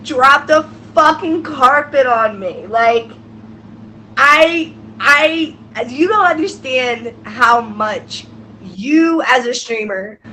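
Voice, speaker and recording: Young woman co-host, high voice, all emotional and gushy, slow talker, faint noise behind. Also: lively intonation, pushed and bright, poor audio. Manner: emotional, gushing, laughs and tears up. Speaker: co-host of a live-stream show. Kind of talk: casual live-stream chat.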